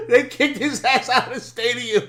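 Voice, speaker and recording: A man hosting a live sports talk stream, excitable and profane, laughing often and repeating himself, his voice worn from yelling. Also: extremely high pitch.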